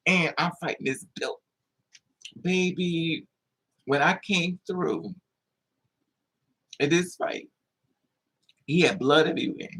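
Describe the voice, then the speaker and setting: A husky, breathy voice tells a story straight to camera in a loose, casual way. The delivery is animated: the quotes of other people jump into high, squealing voices, then drop back to a middle-pitched, easy narrating tone. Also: a little slow, long pauses. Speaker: vlogger.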